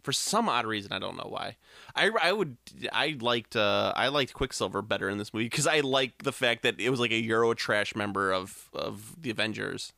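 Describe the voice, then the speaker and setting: A man ranting in an animated, laughing way during a casual chat. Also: lowish voice, normal speed, gravelly, dry recording, studio quality.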